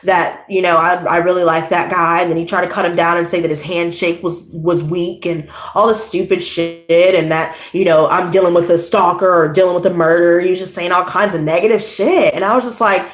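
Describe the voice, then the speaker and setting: Animated, swearing young woman in echoey room. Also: fairly low pitch, brisk, few pauses. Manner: swearing, animated, rambling, lots of "you know" and "like". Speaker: tarot channel host. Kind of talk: casual storytelling to camera.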